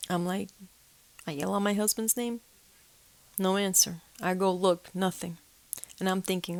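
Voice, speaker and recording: Lively woman telling a spooky story. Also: medium pitch, unhurried, pauses often, no room sound. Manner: animated, acts out sounds and drops to whispers. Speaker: storyteller of a ghostly experience. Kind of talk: casual personal storytelling.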